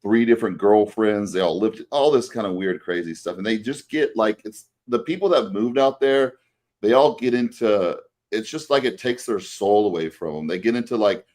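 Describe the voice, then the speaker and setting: A man's voice: fairly low pitch, moderate pace, a little mellow. A male podcast co-host casually telling a long story, rambling with many fillers and restarts.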